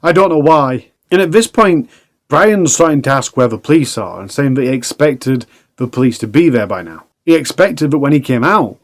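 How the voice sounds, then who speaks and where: A man's voice: medium pitch, big pitch swings, moderate pace. A man narrating a true crime documentary in a plain, conversational way with casual asides.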